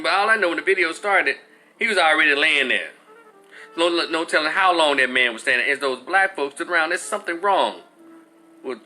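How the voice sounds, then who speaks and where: A man in his forties telling a story as a profane, animated rant, acting out other people's voices. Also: high-pitched. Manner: animated, acts out voices, swears freely. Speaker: commentator.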